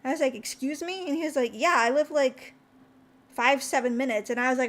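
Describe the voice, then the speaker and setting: Talking fairly quickly, a tired-sounding young VTuber with a high voice rambles through a story on stream. She's chatty and animated, her pitch springing up whenever she quotes someone.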